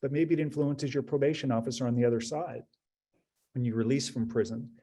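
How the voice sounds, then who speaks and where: A man's voice: mid-range voice, fairly even intonation, fairly quick, dark tone, breathy edge. A man advising an audience in a webinar talk, direct and emphatic, often repeating his key phrases. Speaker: prison preparation advisor.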